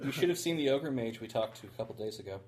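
A man playing his character at a tabletop game, playful and quick to laugh. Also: medium pitch, lively intonation, darkish tone. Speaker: player. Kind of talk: tabletop role-play.

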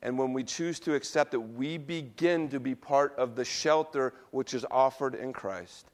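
In a sermon delivered at a moderate pace, a middle-aged male pastor speaks in an easy, medium-pitched conversational style. He tells stories about himself, occasionally trips over his words, and laughs at himself.

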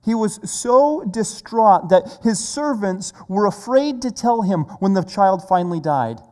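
Slow, earnest preacher in a reverberant hall. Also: medium pitch, expressive, mellow. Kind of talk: sermon. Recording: long reverb of a large hall.

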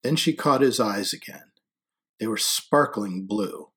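A man narrating an audiobook in a measured, quiet storytelling manner. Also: lowish voice, lively intonation, husky.

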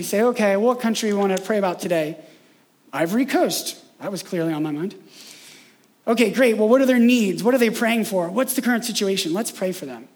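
A man preaching a sermon in a casual, conversational way, often tagging "right?" and slowing down for emphatic points. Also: sits high. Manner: conversational, frequent "right?" tags, acts out imagined voices. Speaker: pastor.

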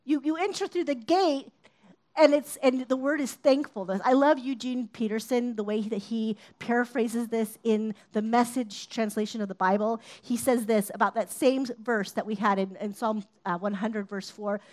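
A woman with a fairly high voice preaches in a chatty, conversational way. She talks her listeners through a sermon like a friend sharing stories, now and then raising her voice to act out a shouted line. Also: normal speed. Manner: conversational, acts out shouted quotes.

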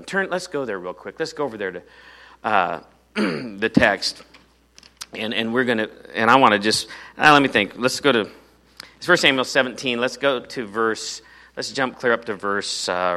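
A man preaching a sermon in a conversational, animated way, full of rhetorical questions to his congregation. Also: mid-range voice. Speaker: pastor.

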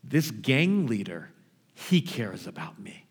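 A preacher acting out a defiant young son who has joined a gang, dropping his voice into a sullen, stubborn mutter. The lines come out flat and low, pushing back against his father. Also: slow pace, husky, long reverb tail, full character voice.

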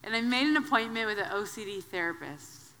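A woman from Wisconsin, in her thirties, preaching a sermon as a guest preacher, telling personal stories in a conversational, animated way. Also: medium pitch, brisk. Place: church sanctuary. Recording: long hall reverb.

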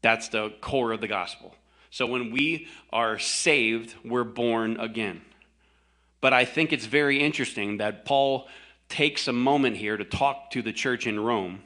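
Brief: male pastor, bright forceful tone, conversational emphatic sermon delivery. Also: medium pitch, measured pace.

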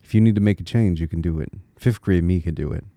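Guy with a low mellow voice doing a solo podcast, earnest and encouraging, restarts a bit as he thinks, dry close sound. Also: fast talker, dry recording. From Connecticut, USA. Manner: thinks aloud with small restarts. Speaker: podcast host.

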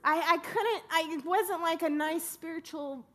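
A woman's voice: very high voice, normal speed, sharp tone. A woman in her thirties preaching a sermon, telling a personal story and rising to fervent exclamations.

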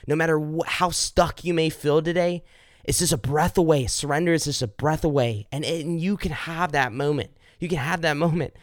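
A man's voice: moderate pace, no room sound, clean studio sound. A man hosting a faith podcast, talking earnestly with many restarts and repeated words, then praying aloud. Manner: earnest, repeats words, rises high and fervent when pleading. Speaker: podcast host. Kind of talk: heartfelt devotional podcast talk and prayer.

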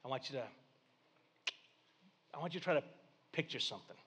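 A male pastor delivering a sermon, swinging from hushed, low passages to loud, excited proclamations. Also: a little fast, husky. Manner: dynamic preaching, dropping to hushed tones then rising to loud exclamations.

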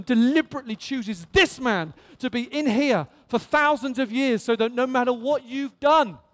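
A middle-aged man preaching a fervent sermon, dropping to a hush and then rising to shouts. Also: extremely high pitch. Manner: swings from hushed to shouting, fervent. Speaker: pastor. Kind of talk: impassioned sermon. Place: church hall. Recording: long reverb of a large hall.

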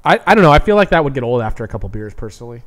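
A man hosting a casual podcast, tasting beer and telling stories with lively animation and casual swearing. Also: medium pitch, rapid-fire. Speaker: podcast host.

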